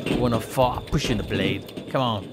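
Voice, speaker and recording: A man voicing a boastful male caveman villain in a slow, menacing put-on voice with broken English, over game audio. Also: medium pitch, heavy background noise, natural voice. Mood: gloating. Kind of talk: playful voice acting over gameplay.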